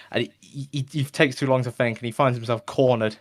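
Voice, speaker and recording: A man's voice: mid-range voice, fairly even intonation, fast talker, few pauses. A man telling a long, rambling shaggy-dog joke on a podcast. He tags lines with "right?" and puts in whooshing sound effects.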